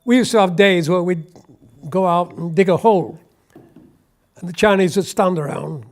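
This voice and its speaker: A man's voice: high-pitched, moderate pace, long pauses. A man, telling a wry, anecdotal war story in an oral history interview. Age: 80s.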